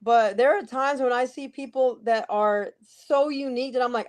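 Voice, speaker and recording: Chatty Jersey woman, fairly high voice. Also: steady tone, moderate pace, darkish tone. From New Jersey. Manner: chatty storyteller with many restarts. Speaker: podcast guest, ring announcer. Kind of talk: casual interview chat.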